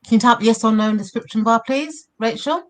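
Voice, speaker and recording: A woman co-hosting a live tarot stream who calmly reads viewer comments aloud and asks viewers follow-up questions. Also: fairly high pitch, fast talker. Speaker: tarot reader and co-host.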